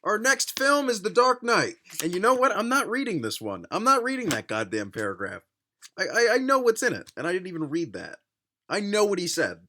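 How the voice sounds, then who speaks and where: A young man doing a sarcastic, profane comedic reaction to a book, mocking it with loud outbursts and muttered asides. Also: high voice, very animated, a little fast. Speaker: vlogger reviewing a book.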